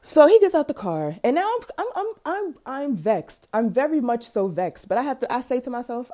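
Woman podcast host, warm, low-lit voice, animated and slangy storyteller. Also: normal speed, hardly any pauses. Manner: animated, profane, slangy and dramatic. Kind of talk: casual storytelling.

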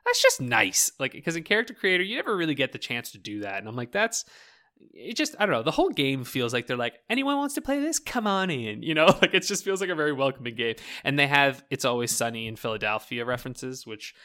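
A man's voice: mid-range voice, lively intonation, fast, few pauses, sharp tone. A man rambling about video games in a casual podcast chat, swearing freely, leaning on "like" and laughing often.

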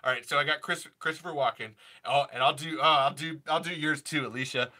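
A man's voice: a little high, fairly even intonation, fairly quick, few pauses, bright, forceful tone. A man hosting a casual impressions chat, giggly and rambling, with many fillers. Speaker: impressionist host.

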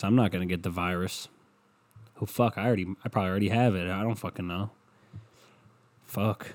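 A man's voice: sits low, steady tone, brisk, long pauses. A young man hosting a podcast at home, ranting casually with lots of swearing and rambling asides. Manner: profane, rambling, loud. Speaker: podcast host. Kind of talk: casual rant monologue. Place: room at home.

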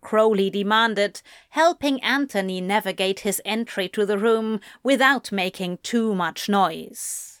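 Slow, measured woman storyteller. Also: mid-range voice, no room sound, clean studio sound. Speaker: narrator. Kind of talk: audiobook fan fiction reading.

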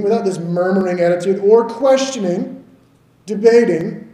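A man's voice: high voice, moderate pace, mellow, echoey room, low-quality recording. A man in his thirties from the American South, preaching a conversational sermon and often checking in with the congregation. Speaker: pastor.

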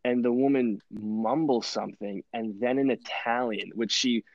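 A young man telling stories in a rambling podcast chat, animated and full of fillers and laughs. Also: medium pitch, normal speed, no room sound, muffled recording. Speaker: podcast host. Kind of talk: casual storytelling chat.

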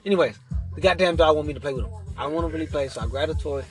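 A man telling a story in casual chat, animated and profane, acting out quotes. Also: on the high side, racing, soft background music.

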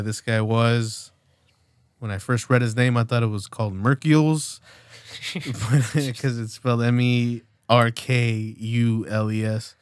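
A man's voice: lowish voice, smooth, no echo. Rambling, profane podcast guy, dry sound. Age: late 20s. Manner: rambling, loose, profane, many fillers. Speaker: podcast co-host. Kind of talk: casual podcast chat.

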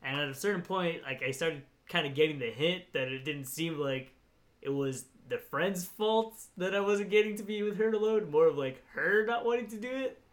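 A young man with a slightly higher voice tells a rambling, profanity-laced story to friends. He fills his talk with "like" and "you know", laughing now and then as he goes. The delivery is loose and casual. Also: moderate pace. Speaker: podcast storyteller. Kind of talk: casual chat.

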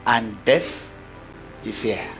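Give me a middle-aged male pastor preaching with lively questions over faint music. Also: lowish voice, very slow, vocal fry. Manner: animated preacher, asks the congregation questions, acts out voices. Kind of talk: sermon.

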